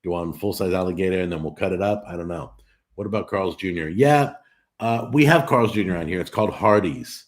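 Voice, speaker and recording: A man hosting a casual live stream, reading out viewer comments and answering them in an animated, talkative way. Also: low-pitched, a little fast. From California. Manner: talkative and animated, with frequent restarts. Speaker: host of a cooking live stream.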